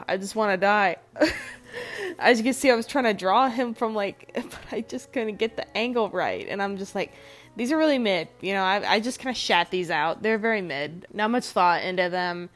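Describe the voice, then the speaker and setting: A woman narrating a voice-over about her own drawings in casual, rambling chat, congested and swearing freely. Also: medium pitch. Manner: rambling, loose and swearing a lot. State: congested, nasal. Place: home recording, voice-over over drawing footage.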